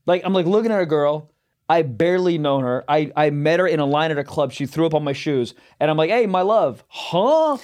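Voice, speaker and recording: A man's voice: on the high side, fast talker, darkish tone. A man co-hosting a comedy podcast, laid-back and laughing, trailing into mumbles as he tells stories. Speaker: podcast co-host. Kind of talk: casual comedic chat.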